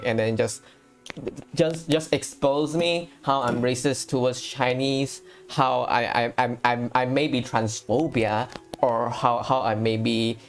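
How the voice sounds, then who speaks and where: A young adult game streamer giving casual reaction commentary, rambling with many restarts and stammered repeats, joking and self-mocking. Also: mid-range voice.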